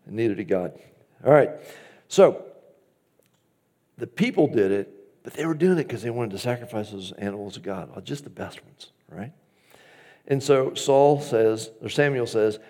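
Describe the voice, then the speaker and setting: Brief: male pastor, sermon delivery, average pitch, shifts between loud emphasis and soft asides, acts out quotes. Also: animated, normal speed. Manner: acts out quoted lines from scripture.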